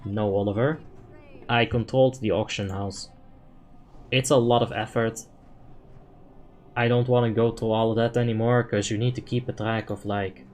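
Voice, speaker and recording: A man streaming a game live, answering chat questions in a relaxed, talkative way and swearing now and then when a play goes wrong. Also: fairly low pitch, moderate pace, long pauses. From Netherlands. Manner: relaxed, chatty, thinks out loud, swears when frustrated.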